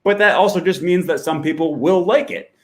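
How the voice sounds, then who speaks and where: A man hosting a language-learning channel, explaining in a relaxed, chatty way with fillers and self-corrections while he clicks through an app. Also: sits high, brisk. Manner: walks through an app on screen while talking. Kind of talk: casual explanatory talk.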